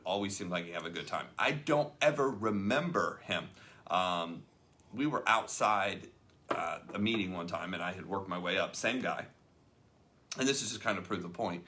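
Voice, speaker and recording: A man's voice: on the low side, pushed and bright. Chatty man telling a story. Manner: chatty storyteller acting out quoted voices. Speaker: host. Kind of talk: casual chat about a leadership book.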